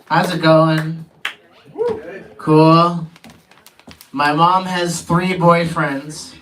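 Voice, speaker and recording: A man's voice: on the high side, little pitch movement, very slow, fairly bright tone, slight background noise. A man opening a stand-up set, delivering jokes in a casual, offhand way. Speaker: stand-up comedian. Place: comedy club stage. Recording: distant mic in a club.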